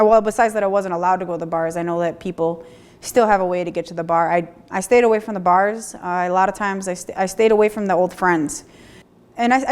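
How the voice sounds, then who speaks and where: A woman in her thirties telling her own story of recovery, speaking candidly with halting restarts and repeated phrases. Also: medium pitch, a little mellow. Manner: plainspoken, occasional mild swearing. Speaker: person sharing a recovery story. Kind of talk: personal testimony, candid and conversational.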